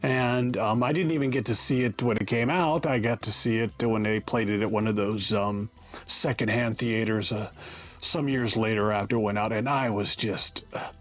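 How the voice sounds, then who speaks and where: A man's voice: lowish voice, steady tone, normal speed. A man hosting a show, rambling casually through a movie rant with many fillers. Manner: rambling, full of fillers, nostalgic. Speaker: host. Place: studio.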